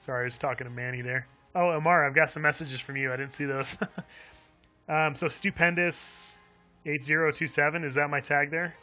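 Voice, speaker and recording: A man's voice: fairly high pitch, fairly even intonation, fairly quick, pushed and bright, faint music behind, low-quality recording. A man live-streaming a game who reads viewer chat aloud, chuckling often and talking in a friendly, chatty way.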